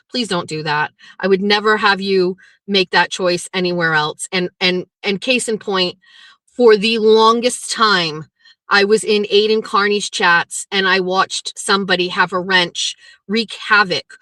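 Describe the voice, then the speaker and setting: A woman's voice: medium pitch, steady tone, a little slow, pushed and bright, no echo. A middle-aged woman hosting a casual livestream, talking bluntly with plenty of swearing as she rants and reads viewer comments. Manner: blunt and profane, ranting then chatty. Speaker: livestream host.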